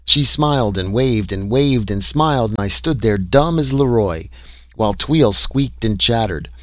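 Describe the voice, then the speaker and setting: A man narrating a story in an expressive, dramatic reading style. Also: medium pitch, measured pace, no echo. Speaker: audiobook narrator.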